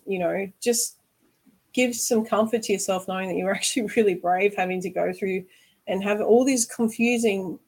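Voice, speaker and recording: A woman's voice: mid-range voice, normal speed, a little mellow, husky, poor audio. A woman hosting a candid conversation, earnest and reflective, often asking "right?". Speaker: host.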